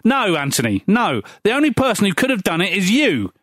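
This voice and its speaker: A petulant radio co-host, played by a man, with a high voice that swings wildly up and down. He whines and takes offence easily, like a sulky child. His voice is close and dry. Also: huge pitch swings, fairly quick, a bit bright, dry recording, heavily acted. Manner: indignant, whiny, childish. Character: petty, jealous male radio co-host, ex-footballer.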